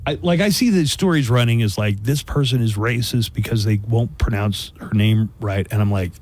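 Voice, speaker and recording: A man's voice: mid-range voice, moderate pace, a little mellow. A man hosting a morning radio show from the studio, teasing and joking with his co-hosts. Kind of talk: casual chat.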